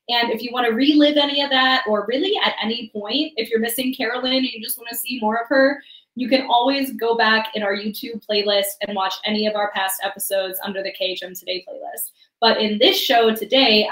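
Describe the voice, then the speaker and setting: A woman's voice: on the high side, a bit bright, distant mic. A woman hosting a travel agent webcast, bubbly and chatty, laughing easily between lines. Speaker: stand-in host of a travel agent show. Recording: echoey room, a bit off mic.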